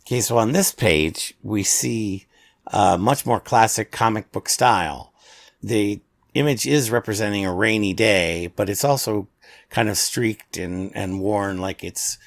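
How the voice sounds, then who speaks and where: Slow, low-voiced man describing comics. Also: creaky. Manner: describes panels in detail, chuckles often. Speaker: podcast co-host. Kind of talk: casual comic book discussion.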